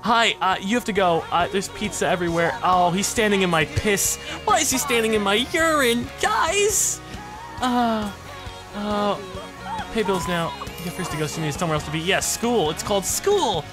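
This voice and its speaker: A man hosting a let's play video, excitable and joking, swearing freely and jumping between muttering and yelping. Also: high voice, normal speed. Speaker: gaming channel host. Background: game music.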